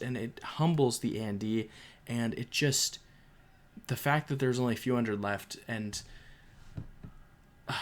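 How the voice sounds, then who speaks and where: A young man giving a casual spoken book review, emotional and rambling, with frequent restarts and fillers. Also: medium pitch.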